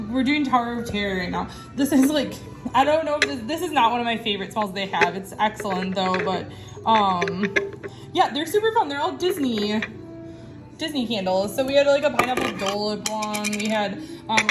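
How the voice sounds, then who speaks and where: Woman, middle-aged, casual cooking vlogger, chatty, talks to viewers, home kitchen, music underneath. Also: mid-range voice.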